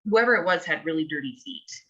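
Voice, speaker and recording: Woman, low register, bright tone, chatty rambling tabletop player, muffled call audio. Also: animated, quick pace. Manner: rambling, chatty with filler words. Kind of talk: in-character tabletop game talk.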